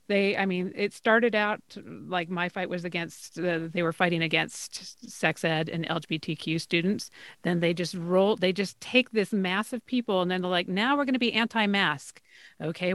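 A woman's voice: fairly low pitch, a bit bright, clean tone, no room sound. A woman hosting a podcast discussion, speaking in an earnest, urgent way. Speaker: podcast host. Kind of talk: casual discussion.

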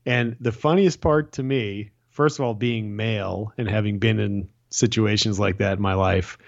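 A man's voice: on the low side, normal speed, vocal fry, lo-fi sound. A man co-hosting a casual chat podcast, telling stories and acting out quoted lines. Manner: animated storyteller, acts out quotes. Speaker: podcast co-host. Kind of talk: casual chat recapping a TV show.

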